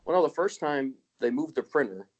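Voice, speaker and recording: A man's voice: fairly high pitch, lively intonation, brisk, lo-fi sound. A young man co-hosting a casual podcast chat, laughing often and acting out quotes in raised voices. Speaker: podcast co-host.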